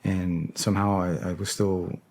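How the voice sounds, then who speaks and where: A middle-aged American man in a casual interview, swearing often and filling his talk with "like," acting out the shouts he recounts. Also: low voice, little pitch movement, unhurried, vocal fry. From United States. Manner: profane, heavy filler words, acts out yelled quotes. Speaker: podcast guest, former special operator.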